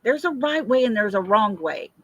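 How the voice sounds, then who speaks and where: A woman's voice: fairly high pitch, very animated, moderate pace, fairly bright tone, no room sound. An older woman hosting a casual livestream, chatting, answering viewer comments and laughing often. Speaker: livestream host.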